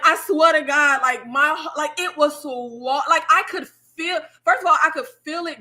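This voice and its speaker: A woman hosting a casual chat with her viewers, telling stories in an animated way, laughing and swearing freely. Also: high voice. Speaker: YouTube host.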